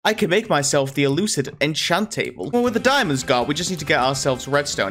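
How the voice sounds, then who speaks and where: A man's voice: a little high, animated, fast, few pauses, a bit bright, soft background music. A man giving casual, rambling, self-mocking commentary while playing a video game. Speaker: gaming video host.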